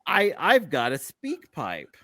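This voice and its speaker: A man's voice: a little high, huge pitch swings, slow pace, a bit bright, no echo, studio quality. A man co-hosting a casual podcast, chatty and laughing often. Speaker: podcast co-host.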